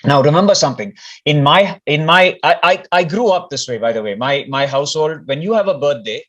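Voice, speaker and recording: A man's voice: a little high, brisk, a bit bright. Rambling man telling a personal story. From India. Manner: rambling, repeats words and restarts often. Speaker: speaker sharing a personal story. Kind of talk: casual storytelling talk. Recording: dull lo-fi recording.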